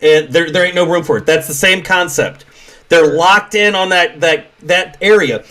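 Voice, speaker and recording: A man's voice: fairly high pitch, normal speed, fairly bright tone. A middle-aged man co-hosting a gaming podcast in casual chat, rambling, swearing and laughing often. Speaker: podcast co-host.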